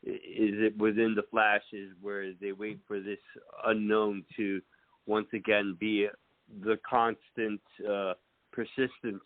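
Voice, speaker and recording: A man's voice: on the low side, little pitch movement, takes it slowly, no room sound, narrow, tinny audio. A man co-hosting a poetry show, reflecting on a poem and asking the others questions. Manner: reflective, musing, asks questions. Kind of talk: casual chat, discussing poems.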